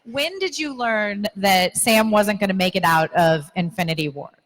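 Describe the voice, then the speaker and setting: A woman's voice: mid-range voice, animated, normal speed, poor audio. A woman moderating a convention panel, upbeat and laughing along as she asks questions on stage in a large arena.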